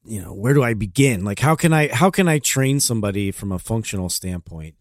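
A man's voice: lowish voice, animated, a little fast, no room sound, studio quality. A man co-hosting a podcast, talking hesitantly with lots of fillers. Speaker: podcast co-host. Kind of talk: casual podcast chat.

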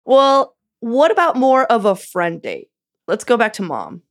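A woman hosting a casual radio interview, reacting quickly with teasing remarks. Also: fairly high pitch, wildly swooping pitch. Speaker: radio show host.

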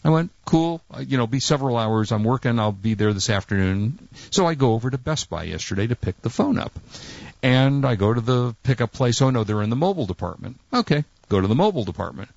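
A man's voice: mid-range voice, big pitch swings, quick pace, creaky, a little mellow, dry recording, muffled recording. A man co-hosting a casual chat, telling a long story and acting out quotes in exasperated tones. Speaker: co-host.

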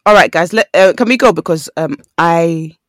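A crowd can be heard behind this young woman, whose voice sits on the low side at normal speed. She's a podcast co-host chatting casually and telling lively stories with acted-out quotes.

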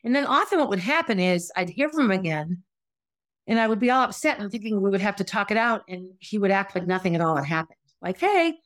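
A woman's voice: medium pitch, fast talker, a bit bright, no room sound. A middle-aged woman hosting a podcast, telling her own story in a candid, conversational way and acting out what people said. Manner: candid and conversational, acts out quoted voices. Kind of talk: personal storytelling monologue.

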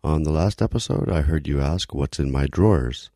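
A man's voice: extremely low pitch, normal speed, warm tone, no echo, studio quality. A man who hosts a podcast leaving a friendly voicemail while showing an old device. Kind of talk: casual voicemail message.

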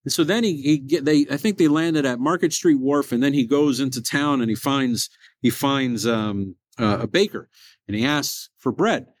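A man hosting a motivational podcast, telling a story with loud emphatic peaks and quiet low asides. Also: moderate pace, dry recording. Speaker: podcast host.

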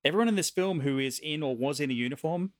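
A man's voice: a little high, fast talker, no echo, clean studio sound. A man co-hosting a podcast, talking about a film in a hesitant way with stammered starts and blunt remarks. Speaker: podcast co-host. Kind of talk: casual film chat.

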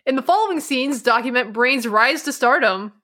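A woman co-host retells a cartoon episode in an animated, chatty way, laughing as she goes. Her voice is bright and a little high. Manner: animated, laughing, does quick impressions. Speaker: podcast co-host. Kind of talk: casual episode recap.

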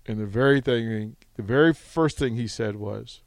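A man hosting a sports radio talk show, telling a rambling, animated anecdote with restarts into a studio mic. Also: on the low side, unhurried, no echo.

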